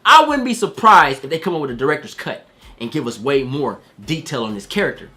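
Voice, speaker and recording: Animated, slangy man reviewing a movie. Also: fairly high pitch, fairly quick. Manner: acts out quoted voices. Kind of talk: casual spoiler review.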